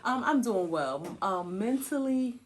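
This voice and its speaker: A woman's voice: fairly high pitch, lively intonation, slow. A woman co-hosting a podcast, chatting candidly with her husband and laughing often. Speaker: podcast co-host. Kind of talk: casual chat.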